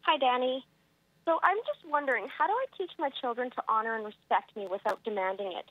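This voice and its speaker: A woman's voice: fairly high pitch, fairly quick, no room sound. Canadian woman caller on a phone line. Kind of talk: phone-in question.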